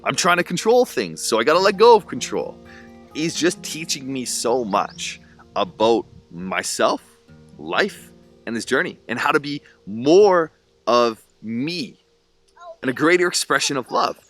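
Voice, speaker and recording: A young man talks earnestly about fatherhood and personal growth, in a warm, reflective, self-help way. His voice moves freely up and down in pitch. Faint guitar music plays softly behind him. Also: big pitch swings, unhurried. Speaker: single dad vlogger. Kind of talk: reflective personal vlog monologue.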